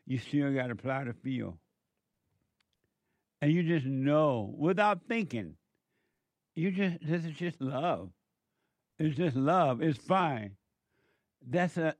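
A man giving a preachy political commentary monologue, slow and emphatic, exhorting his listeners. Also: medium pitch, expressive, no room sound.

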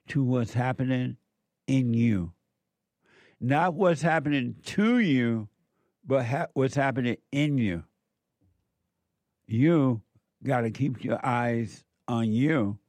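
A man's voice: medium pitch, darkish tone, dry recording. A man giving an informal spiritual talk as a counselor, blunt and emphatic, repeating words for stress.

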